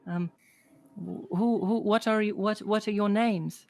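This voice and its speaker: A man's voice: high-pitched, steady tone, a little slow, gravelly, darkish tone, pitched above the performer's own voice. A man voicing a timid, polite little girl who stammers shyly. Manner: hesitant, stammering.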